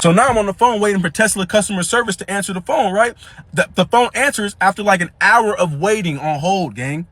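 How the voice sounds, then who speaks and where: A young man tells a story in a casual, slangy way, acting out each line of dialogue. His voice sits high. It is recorded dry and close. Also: a little fast, dry recording. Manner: slangy, animated retelling with quoted dialogue.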